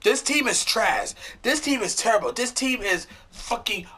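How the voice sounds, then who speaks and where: Bright-voiced man in an angry football rant. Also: high-pitched, very animated, moderate pace. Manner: swearing, repeats himself, stumbles over words. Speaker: sports fan vlogger.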